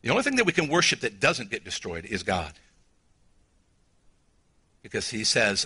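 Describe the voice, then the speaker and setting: Emotional Southern pastor preaching. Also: male voice, medium pitch, sing-song, normal speed, slightly rough. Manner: emotional, swings from quiet to near shouting. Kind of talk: sermon.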